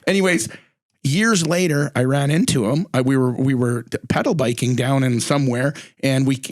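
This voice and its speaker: Middle-aged male host, chatty storyteller, mid pitch, dry sound. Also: a little fast, dry recording. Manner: chatty storyteller, acts out quotes with big pitch jumps. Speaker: podcast host. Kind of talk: casual chat.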